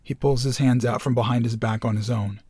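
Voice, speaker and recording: A man reading a screenplay aloud as narrator, steady and matter-of-fact. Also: mid-range voice, fairly quick, husky, dry recording, clean studio sound.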